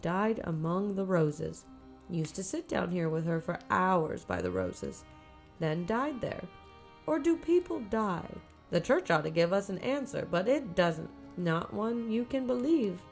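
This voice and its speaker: A woman's voice: on the low side, sing-song, measured pace, creaky, darkish tone, faint music behind, heavily acted. A woman putting on a crazed, rambling old woman. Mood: eerie. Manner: rambling, brooding, eerie. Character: crazed old woman living in a derelict house.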